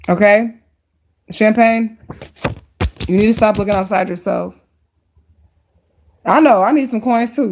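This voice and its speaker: A woman hosts a live stream, reading tarot cards for viewers in a mid-range voice. She's chatty and excitable, using casual slang and stretching words out for emphasis.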